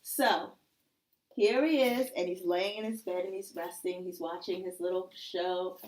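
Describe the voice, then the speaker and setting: A woman's voice: lowish voice, steady tone, moderate pace, heavy background noise. A woman teacher telling young children a story that explains how clock hands work, checking in with them often.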